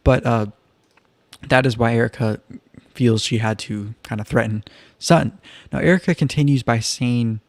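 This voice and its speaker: A man's voice: mid-range voice, a little fast, no room sound. A man hosting a casual live-streamed recap of a reality show, chatty and loose with wry asides. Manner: chatty, loose, leans on "kind of" and "like"; relaxed storytelling with wry asides.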